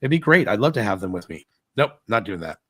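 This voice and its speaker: A middle-aged man casually telling a long story on a podcast, acting out what everyone said with lively shifts. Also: on the low side, fast talker, slightly rough, no room sound. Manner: animated retelling, acting out dialogue.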